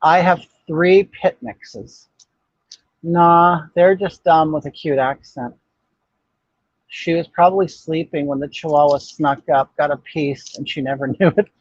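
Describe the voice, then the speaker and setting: Sassy older man with a husky voice. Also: fairly high pitch, measured pace, no room sound. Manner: sassy, gossipy, blunt, with frequent restarts. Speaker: livestream host. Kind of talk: casual chat reading viewer comments. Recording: dull, muffled dry audio.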